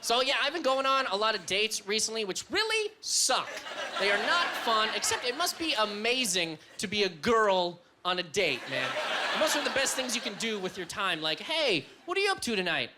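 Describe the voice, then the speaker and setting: A man doing a stand-up set on a comedy club stage, loud and high-energy, often breaking into shouts. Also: big pitch swings, normal speed, over a noisy crowd, very noisy.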